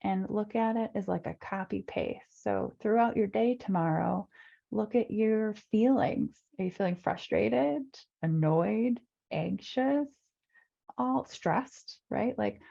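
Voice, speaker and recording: In a webinar talk, a woman life coach speaks earnestly and repeats phrases, often acting out her listeners' inner voices. Her mid-range voice is gravelly yet warm and mellow, heard through dull, lo-fi audio like a computer mic on a video call.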